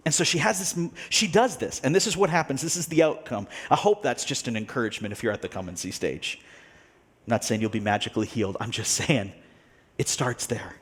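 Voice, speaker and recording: A male pastor preaching a sermon, telling a story with animated delivery, acting out the people he quotes and laughing now and then. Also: medium pitch, brisk, husky.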